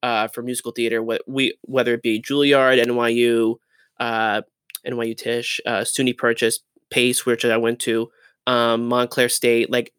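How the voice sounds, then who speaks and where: A young man, a Broadway dancer, chatting as an interview guest, animated and laughing often as he tells stories. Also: mid-range voice, smooth, no echo, clean studio sound. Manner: animated, laughs often, restarts and trails off mid-sentence. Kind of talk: casual interview storytelling.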